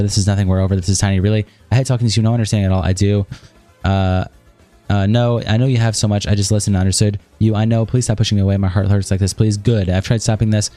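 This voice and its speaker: A man's voice: lowish voice, mellow. A man streaming, rattling off both sides of a heated text argument aloud with little acting. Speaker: streamer reading a document aloud. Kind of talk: rapid reading aloud of a chat log.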